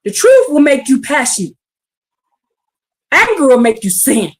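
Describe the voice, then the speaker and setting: Fervent high-voiced woman preaching. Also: very animated, measured pace. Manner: fervent, calls out to listeners, swings from hushed to shouting. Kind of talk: livestream sermon.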